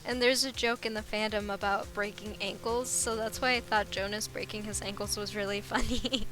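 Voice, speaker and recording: A woman's voice: medium pitch, steady tone, normal speed, music in the background, rough recording. A woman streamer chatting casually and giggling while she plays a video game. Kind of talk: casual game livestream chat.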